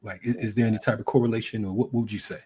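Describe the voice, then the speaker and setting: A man hosting an interview in a relaxed way, asking long rambling questions full of fillers. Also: fairly low pitch, racing, a little hiss or hum. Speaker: host. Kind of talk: casual interview talk.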